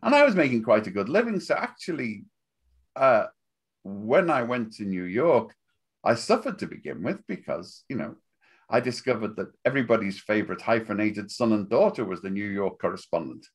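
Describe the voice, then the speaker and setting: Older Liverpool man, low husky voice. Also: sing-song, normal speed. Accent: Liverpool (Scouse). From Liverpool, England. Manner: rambling, wry, laughs at his own jokes. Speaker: interview guest, journalist. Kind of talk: relaxed conversational interview.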